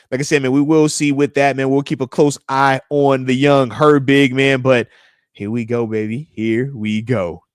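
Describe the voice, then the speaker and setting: A man's voice: medium pitch, no room sound, studio quality. A man in his thirties from the United States hosting a live stream, chatting loosely and reading out viewer comments with slangy hype. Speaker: podcast host.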